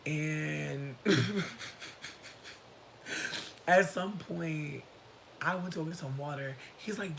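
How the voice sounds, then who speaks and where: A person in their thirties telling a story on a casual livestream, profane and animated, breaking into shouts and laughter. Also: medium pitch, slow, vocal fry, long pauses, a little hiss or hum. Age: 30s. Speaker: livestream host.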